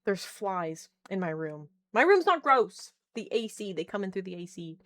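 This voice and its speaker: A young woman chatting casually on a live stream from her bedroom, excitable, swearing and trailing off mid-sentence. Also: medium pitch, moderate pace, no room sound. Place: home bedroom.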